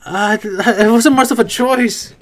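A casual reaction-video voice that jokes its way through an anime episode. The delivery is slow and drawn out, with mid-range pitch, and it breaks into loud excited outbursts.

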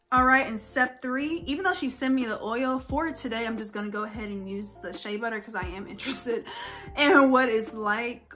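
A young woman talks through a hair tutorial in a casual, slangy, gushing way. Her voice sits a little high. Faint music plays behind her. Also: pushed and bright. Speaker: beauty vlogger.

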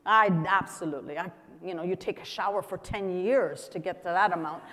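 A woman pastor preaching a sermon with fervor, breaking into shouted exclamations and acted-out pleas. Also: on the low side, fairly quick. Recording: long hall reverb.

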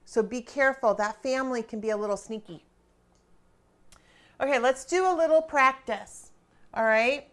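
A woman teaching a grammar lesson, quizzing her students with questions and pauses and praising right answers. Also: on the high side, a bit bright. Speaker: Spanish teacher.

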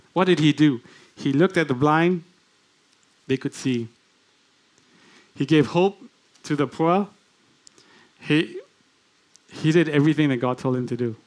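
A man with a fairly high voice preaches a sermon in a church. He talks conversationally and keeps asking his listeners questions. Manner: conversational, asks the congregation many questions. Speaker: guest preacher.

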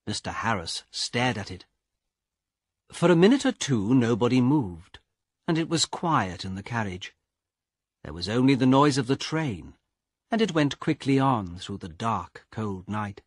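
A man reading a story aloud for English learners in a careful, deliberate way. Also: medium pitch, dry recording, clean studio sound. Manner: slow, clear, carefully paced reading. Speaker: audiobook narrator. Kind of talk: scripted narration for English learners.

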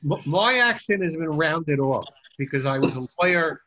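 An older man from Brooklyn with a softened Brooklyn accent, telling stories on a video call. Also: a little high, lively intonation, moderate pace. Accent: Brooklyn New York. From Brooklyn, New York. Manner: storytelling, rambling. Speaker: contest finalist.

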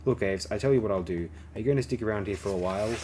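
A man reading the lines of a cautious, clever male starfighter pilot in a low-key, measured way. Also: warm tone, slight background noise, close to an everyday voice.

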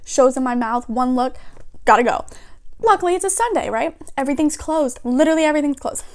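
A young woman around nineteen with a high, bright-sounding voice recounts a story straight to camera. Her telling is chatty and animated, and loose fillers run through it. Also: brisk. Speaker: vlogger. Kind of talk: casual storytime.

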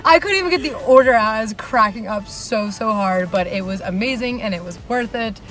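A woman's voice: mid-range voice, moderate pace, faint music behind. A young woman vlogging in a car on a road trip, chatting casually and laughing as she tells stories. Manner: giggly, animated storytelling. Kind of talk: casual vlog chat.

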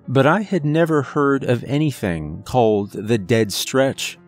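A man reading a first-person horror story in a measured storytelling voice, as a trucker. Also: mid-range voice. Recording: narration with faint music underneath.

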